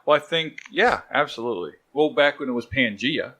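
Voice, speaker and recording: Male podcast co-host, bright tone, digressive jokey storyteller. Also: medium pitch, expressive, brisk. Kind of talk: casual chat.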